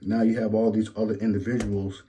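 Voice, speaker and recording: A man's voice: on the low side, flat delivery, fairly quick, warm tone, slight background noise. A man hosting a reaction commentary, repeating phrases and lecturing about street life. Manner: repetitive, preachy, says "believe it or not". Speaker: commentary host.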